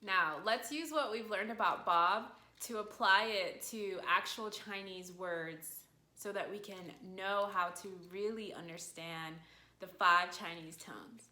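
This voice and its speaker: A woman teaching an online language lesson in a patient, encouraging way, explaining each point clearly. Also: mid-range voice, unhurried, bright, forceful tone. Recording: echoey room.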